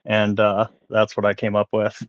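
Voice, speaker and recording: A man's voice: fairly low pitch, moderate pace, no room sound, dull audio. A man with an American accent, a regular podcast guest, talking casually and wryly from his home basement over a call. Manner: relaxed, wry, hesitant with fillers. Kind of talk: casual chat. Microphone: headphones and mic on a video call.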